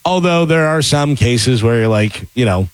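A man's voice: medium pitch, animated, normal speed, no room sound. A man hosting a casual talk show, reading news items and joking with his co-hosts. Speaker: radio show host. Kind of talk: casual morning show banter.

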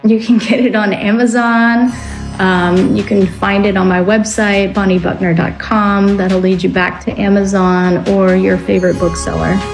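A woman speaks as a guest on a radio talk show. Her delivery is reflective and explanatory. She slows down on some words as she works through her ideas. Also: medium pitch, steady tone, soft background music, low-quality recording. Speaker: guest author on dreams. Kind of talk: radio interview.

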